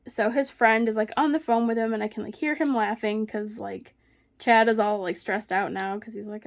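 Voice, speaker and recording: Her voice is mid-range and gravelly, with a steady tone and normal pace. A woman vlogger, she chats casually while crafting at home, telling a story like a chatty storyteller and laughing often mid-sentence.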